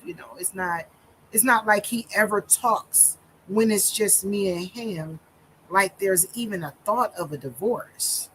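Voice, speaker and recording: Woman minister, slow and halting delivery, fighting tears, mid-pitched voice. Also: slight background noise, poor audio. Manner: slow, deliberate talk with many pauses and fillers. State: holding back tears. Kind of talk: personal storytime monologue.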